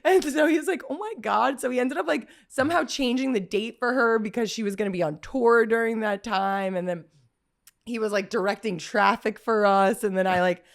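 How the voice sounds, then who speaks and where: Podcast host, woman, higher voice, lively storyteller who performs every quote. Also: moderate pace, vocal fry. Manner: animated, acts out quotes with big pitch jumps, laughs often. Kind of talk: casual storytelling chat.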